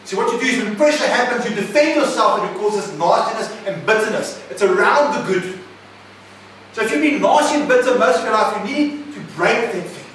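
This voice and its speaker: Man preaching, high voice, echoey hall, far from the mic, emphatic, faint room noise. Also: expressive, fairly quick, a bit bright. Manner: emphatic, questioning the audience. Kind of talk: sermon. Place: recovery centre meeting room.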